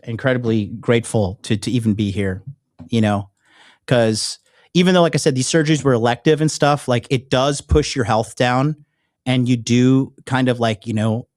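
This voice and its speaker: A man's voice: medium pitch, no echo, clean studio sound. Rambling, profane male YouTuber. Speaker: online dating coach and YouTuber. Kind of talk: casual direct-to-camera chat.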